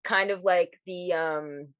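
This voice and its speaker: A woman's voice: fairly low pitch, steady tone, slow pace, dry recording. A woman in her thirties co-hosting a casual podcast chat, swearing freely and laughing often. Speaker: podcast co-host. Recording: dull, lo-fi dry sound.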